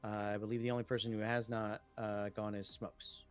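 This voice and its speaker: A man's voice: on the low side, flat delivery, a little fast, clear, resonant tone, soft background music. A man running a tabletop game as game master, giving matter-of-fact rulings and vivid narration.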